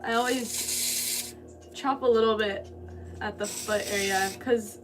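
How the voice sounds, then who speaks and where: A woman's voice: medium pitch, fairly even intonation, takes it slowly, faint music behind. A woman potter livestreaming as she works, chatting casually and thinking aloud. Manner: rambling, thinks aloud while working. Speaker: ceramic artist livestreaming. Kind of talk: casual livestream chat while working. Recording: distant mic with background noise.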